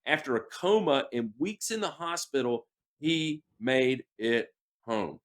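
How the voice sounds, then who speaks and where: A man co-hosting a podcast, reading news items aloud and breaking off into animated personal anecdotes. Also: mid-range voice, measured pace. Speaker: podcast co-host.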